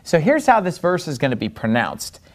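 A man giving a Bible-language lesson at a board, explaining patiently and slowing down to stress syllables when he models words. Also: fairly high pitch, wildly swooping pitch. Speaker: teacher.

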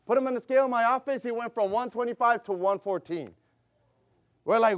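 A middle-aged male pastor with a strikingly high voice delivers a sermon in a fervent, repetitive cadence, piling up rhetorical questions. The sound is dry and close, with no room around it. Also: fairly quick, dry recording. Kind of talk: sermon with personal story.

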